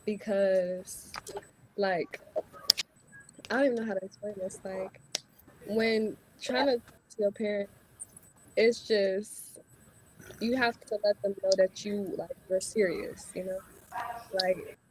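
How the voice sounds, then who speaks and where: A woman's voice: mid-range voice, fairly even intonation, takes it slowly, pauses often, darkish tone, a little hiss or hum, low-quality recording. A teenage girl in a casual discussion, speaking hesitantly with many fillers. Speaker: teen panelist.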